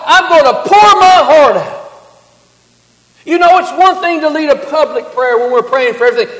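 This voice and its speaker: High-voiced preaching man in an echoey hall. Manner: swings from hushed low tones to loud emphatic preaching. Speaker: pastor. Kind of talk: sermon.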